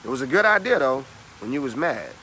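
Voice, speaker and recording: A man's voice: medium pitch, sing-song, fast talker, bright, forceful tone, slight background noise. A man giving a motivational talk in an emphatic, slangy, preachy storytelling manner. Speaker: motivational speaker.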